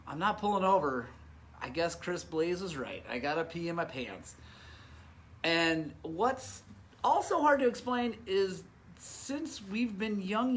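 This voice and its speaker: A middle-aged man recounts a race in a relaxed, storytelling way, poking fun at himself and breaking into laughter often. His voice sits a little high and comes across bright and forceful. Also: slight background noise. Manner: animated, self-mocking, laughs often. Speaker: off-road motorcycle racer telling a race story. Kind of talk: casual storytelling.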